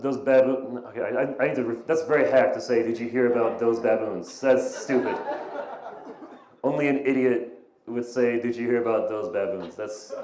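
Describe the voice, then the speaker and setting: A young man in his twenties, with a mid-range, darkish voice, rambles through a self-deprecating stand-up set at a small comedy venue, stammering and restarting his lines. The live room recording is echoey and poor in quality, with audience laughter in the background.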